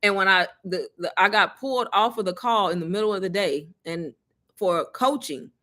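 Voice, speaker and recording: A woman, casually telling her viewers a story, chatty and animated, often laughing. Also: medium pitch, normal speed. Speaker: online business creator.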